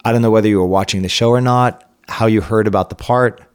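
A man with a lowish voice sitting in on a podcast chat. He mostly agrees in short bursts and now and then poses a question of his own. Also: fairly even intonation, quick pace, smooth. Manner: brief affirming interjections. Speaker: TV showrunner guest. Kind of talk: casual interview chat.

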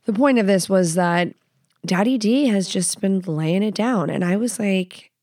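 A woman in her thirties hosts her own solo podcast, candid, crude and self-mocking, swearing often and peppering her talk with "like." She speaks at a medium pitch and measured pace, a little mellow, in a dry, studio-quality recording.

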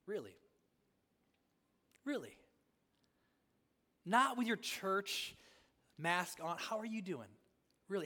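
Man, pastor, sermon, repeated rhetorical questions, loud then hushed, echoing hall. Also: sits high, expressive, a little slow, long pauses.

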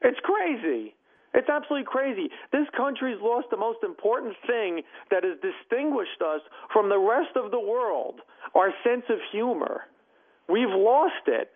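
An emphatic, animated man speaks as a guest on a talk show, telling stories with punch. His voice sits high. He comes through a thin, tinny phone line. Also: unhurried. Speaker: comedian and former judge, guest. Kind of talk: casual interview chat.

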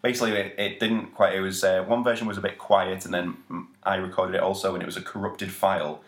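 A man's voice: sits low, little pitch movement. A man co-hosting a podcast, joking and asking questions in casual chat. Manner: jokey, quick to laugh, asks questions. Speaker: podcast co-host. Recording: roomy echo.

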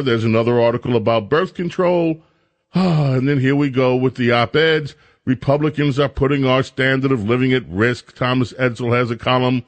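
Male talk radio host, sarcastic, reads headlines and scoffs, mid pitch. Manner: sarcastic, reads headlines aloud and mocks them; mock voices for imagined friends.

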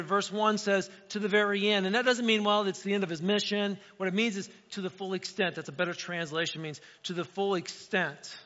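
A middle-aged man preaching a casual, story-driven sermon to his church, often acting out voices in asides. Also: high voice. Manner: conversational, animated storytelling with acted asides. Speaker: pastor. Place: church sanctuary. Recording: dull sound with long hall reverb.

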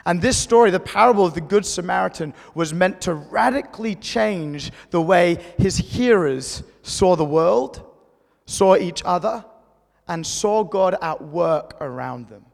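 A man preaches to his congregation in an easy, conversational way. His voice sits high and has a gravelly edge. It rings out with the long reverb of a church hall. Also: measured pace. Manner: conversational, animated storytelling preacher. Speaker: pastor. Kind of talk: sermon.

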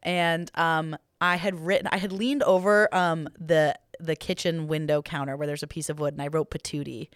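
Low-pitched chatty young woman, dry sound. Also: fairly even intonation, normal speed, few pauses, dry recording. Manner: chatty, storytelling, laughs often. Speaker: podcast co-host. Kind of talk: casual chat.

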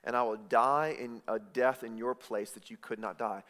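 A man preaching a sermon, swinging from loud emphatic lines to hushed, intimate ones. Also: mid-range voice, fairly even intonation, normal speed. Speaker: pastor. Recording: reverberant hall.

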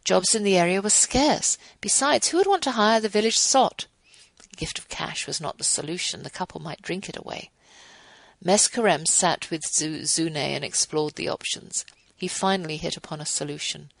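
A woman in her fifties hosting a radio show, reading a passage aloud and giving earnest, gently devotional closing remarks. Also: lowish voice, lively intonation, normal speed, vocal fry, dry recording, low-quality recording.

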